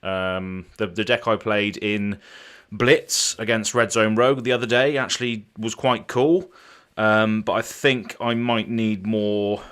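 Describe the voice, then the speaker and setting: A man's voice: fairly low pitch, fairly even intonation, unhurried, a bit bright, clear, resonant tone. A man hosting a casual live stream, rambling along with frequent ums and restarts as he sets up a card game.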